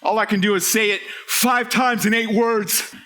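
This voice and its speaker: A male preacher with a high, ringing voice works the room in an energetic sermon. He jokes with the congregation and shouts his main points for emphasis. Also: normal speed. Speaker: pastor. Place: church hall with a live congregation.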